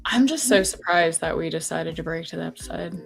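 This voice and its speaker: A woman's voice: lowish voice, animated, fairly quick, creaky, faint music behind. A woman hosting a live trading stream, chatting casually and laughing often. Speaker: host.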